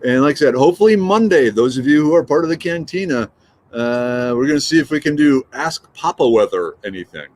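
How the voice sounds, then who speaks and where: A man's voice: mid-range voice, lively intonation, a little fast, a little mellow. A middle-aged man chatting casually on a morning livestream, reading out comments and joking. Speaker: livestream host.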